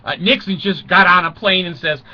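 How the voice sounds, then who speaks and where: A man's voice: high-pitched, fairly quick, dull audio. A man in his sixties from the United States, telling a rambling comic story and chuckling through his own jokes. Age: 60s.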